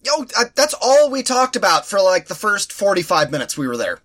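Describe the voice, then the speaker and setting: A high-voiced man talking a little fast rants with sarcasm as a podcast co-host. In the casual chat, he does animated impressions of those who irritated him.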